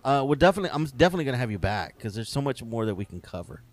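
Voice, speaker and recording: A man's voice: medium pitch, very animated, very fast, dry recording. A middle-aged man hosting a podcast interview, easygoing and hesitant with many ums. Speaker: podcast host. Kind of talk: casual interview.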